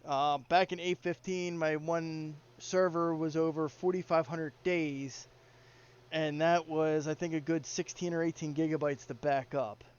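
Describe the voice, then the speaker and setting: A man hosts a casual voice chat on running game servers, talking in an easygoing, joking way with lots of fillers. His voice sits a bit high and comes through smooth and clear. The headset audio is dull and lo-fi. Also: fairly even intonation, measured pace. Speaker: game server community founder and host.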